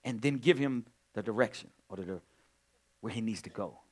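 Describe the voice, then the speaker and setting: A male pastor preaching in a conversational way, moving from quiet storytelling to loud, emphatic points. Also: on the low side, moderate pace. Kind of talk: sermon.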